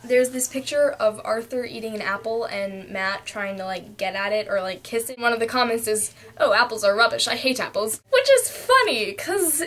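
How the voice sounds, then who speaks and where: Young woman, casual vlog rant, filler-heavy, slightly high voice, cheap camera mic. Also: expressive, moderate pace, few pauses, fairly bright tone. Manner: chatty, lots of fillers, jumps into quoted voices. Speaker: vlogger.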